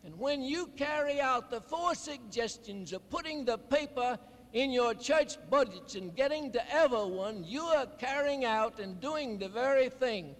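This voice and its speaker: A man preaching a sermon, telling stories in a deliberate, emphatic way. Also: very high-pitched, animated, a bit bright. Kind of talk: sermon address. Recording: long hall reverb.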